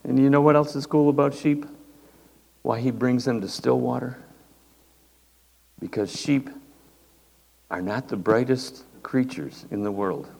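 Older pastor, slow folksy sermon, big reverby church hall. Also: male voice, medium pitch, gravelly, darkish tone. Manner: folksy, conversational. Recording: reverberant hall, faint noise.

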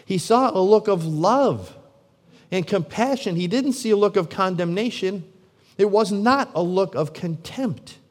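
A man's voice: high-pitched, lively intonation, unhurried. Preaching man in a reverberant hall. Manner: preaching with rhetorical questions, swinging between loud and hushed. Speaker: pastor. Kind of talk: sermon. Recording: long reverb of a large hall.

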